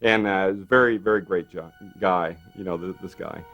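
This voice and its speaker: A man with a fairly low voice tells a behind-the-scenes story in an interview. He is animated and keeps slipping in fillers. Soft music runs underneath. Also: normal speed, dull audio. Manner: animated storyteller, acts out quotes with many fillers. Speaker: makeup effects artist. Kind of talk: anecdotal interview.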